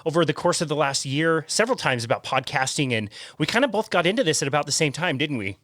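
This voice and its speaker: A man hosting a podcast, friendly and quick to laugh, interviewing a guest. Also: on the high side, lively intonation, a bit bright. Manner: friendly, laughs often, uses fillers. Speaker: podcast host. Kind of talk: casual interview chat.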